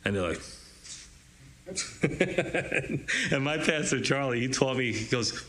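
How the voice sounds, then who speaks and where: A man's voice: mid-range voice, sing-song, very slow, long pauses, fairly bright tone. Chatty man teaching a casual sermon. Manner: conversational, chuckles often, many fillers and asides. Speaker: pastor teaching a Bible study.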